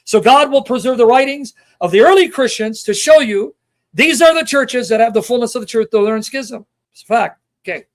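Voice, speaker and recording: A man recounting a debate in an emotional personal reflection, impassioned and repetitive, dropping from loud emphasis to hushed near-whispers and acting out quoted dialogue in his own voice. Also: very high-pitched, fairly quick. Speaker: Christian apologist recounting a debate.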